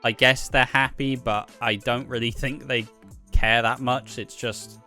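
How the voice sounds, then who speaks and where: A man with a bright, forceful voice talks bluntly in a casual chat, swearing freely and slipping into quick mimicry. Faint music plays behind him. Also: mid-range voice. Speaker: podcast co-host.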